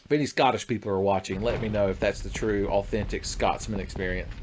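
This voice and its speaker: Low-voiced joking American man streaming. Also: fairly even intonation, quick pace, a little mellow, a little hiss or hum. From United States. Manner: crude, joking, talks to chat. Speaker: livestreamer. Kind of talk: casual gaming livestream chat.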